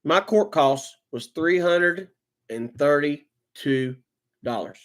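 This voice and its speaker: A man's voice: fairly high pitch, expressive, takes it slowly. A man hosting a live stream, ranting angrily and swearing, often repeating and restarting his words. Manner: heated, profane, repeats himself. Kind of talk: angry live-stream rant.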